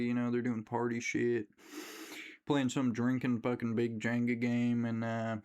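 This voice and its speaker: A man recapping a movie in a loose, casual rant. He tells the story with animated energy and plenty of swearing. His voice sits at an ordinary middle pitch for a man. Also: clean tone. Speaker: movie reviewer.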